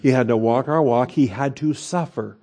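Male pastor, mellow mid-range voice, verse-by-verse teaching with frequent "okay?" check-ins. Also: mid-range voice, moderate pace. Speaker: pastor teaching a Bible study. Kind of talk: expository sermon.

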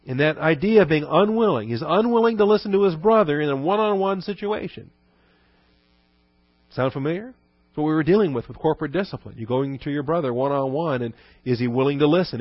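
A man's voice: on the high side, no room sound, lo-fi sound. A man preaching a sermon in a conversational teaching manner, with asides and emphatic stresses on key words. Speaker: pastor.

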